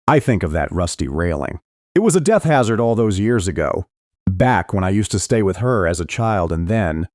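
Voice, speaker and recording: Casting note: deep male audiobook narrator, expressive swings in pitch, dramatic read, dry close mic. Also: no room sound. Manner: dramatic, emotional reading. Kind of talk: first-person audiobook narration.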